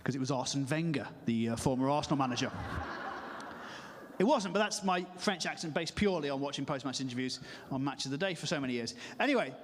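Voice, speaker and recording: A man's voice: mid-range voice, animated, fast talker, background noise. A male comedian doing live stand-up and chatting and teasing the audience. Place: church hall, live show. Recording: long hall reverb.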